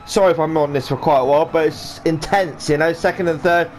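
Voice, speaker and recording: A man's voice: a little high, a little fast. A man giving rambling, jokey live commentary on a sim race he is also driving in, with a faint hum of game sound behind him. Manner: rambling, jokey, does silly voices for drivers.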